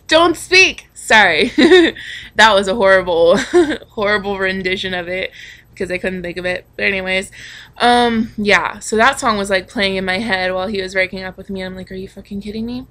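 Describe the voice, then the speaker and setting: A woman's voice: mid-range voice, moderate pace, a bit bright. A young woman telling a personal story in a candid vlog, frank and confessional, with lots of swearing and filler words. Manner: frank and confessional, swears freely, many ums and likes. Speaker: vlogger.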